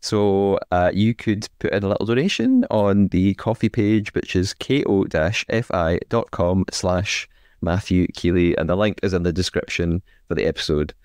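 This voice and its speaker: Low-voiced man hosting a podcast. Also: lively intonation, normal speed, a little mellow, smooth, no room sound, clean studio sound. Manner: filler-heavy, hesitant, laughs often. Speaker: podcast host. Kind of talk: casual chat.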